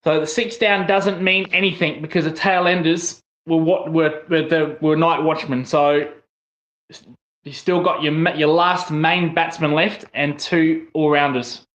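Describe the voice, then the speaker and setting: A fairly high-voiced Australian man from South Australia calls a cricket match live on his stream. He chats casually to viewers and his voice leaps up with excitement when a wicket falls. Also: measured pace, lo-fi sound. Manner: excitable, rises sharply on wickets. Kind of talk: casual live watchalong commentary.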